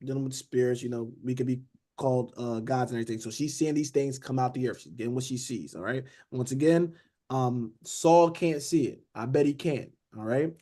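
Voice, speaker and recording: This man, medium-pitched and talking a little fast, teaches a Bible study in a conversational sermon style. He animatedly acts out the characters and often says "beloved" and "okay?".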